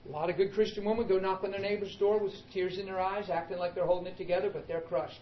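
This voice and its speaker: A man preaching a sermon in an emphatic, animated way, calling out to the congregation. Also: high-pitched, fast, few pauses, reverberant, muffled recording, a little hiss or hum.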